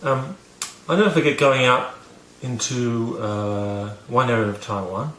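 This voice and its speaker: A man's voice: medium pitch, measured pace, a bit bright, echoey room, a little hiss or hum. A man casually telling a story to camera, rambling with many fillers and restarts, poking fun at himself. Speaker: vlogger teaching about learning.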